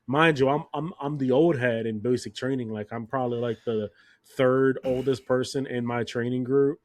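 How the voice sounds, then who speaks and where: Animated young man telling stories. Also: medium pitch, normal speed, dry recording, studio quality. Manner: animated storyteller, swears freely. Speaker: podcast co-host. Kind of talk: casual sports chat.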